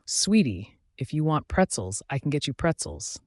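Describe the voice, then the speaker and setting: A man's voice: a little high, sing-song, moderate pace, dry recording, clean studio sound. A man playing a protective werewolf alpha. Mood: tender. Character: young adult male werewolf alpha, protective and loving.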